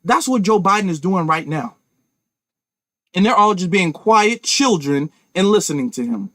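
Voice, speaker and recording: A man's voice: high-pitched, lively intonation, moderate pace, fairly bright tone, no room sound, clean studio sound. A man giving emphatic political commentary to his viewers, with lots of restarts. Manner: emphatic, talks to viewers directly, repeats and restarts. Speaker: commentary channel host.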